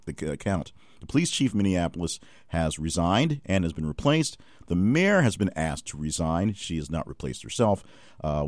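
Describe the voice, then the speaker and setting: A man's voice: deep voice, a little mellow, no room sound, clean studio sound. A man hosting a news recap podcast, giving wry, offhand commentary with frequent fillers.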